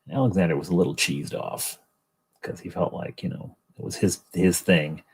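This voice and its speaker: A middle-aged man talks casually on a livestream, rambling and joking at his own expense. His voice is deep and a little husky. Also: normal speed, poor audio. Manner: rambling, self-deprecating, joking. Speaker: livestream host. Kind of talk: casual chat while painting miniatures.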